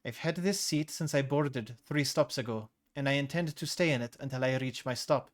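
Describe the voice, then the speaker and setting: A man voicing a weary young woman on a bus, speaking in a flat, firm, curt manner. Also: mid-range voice, moderate pace, close to an everyday voice. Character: fierce young female bus rider, fed up.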